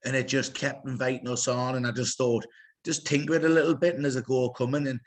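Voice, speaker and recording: A middle-aged man with a Geordie accent chatting casually as a podcast guest, retelling stories with animated asides. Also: mid-range voice, fast talker. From North East England. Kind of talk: casual chat.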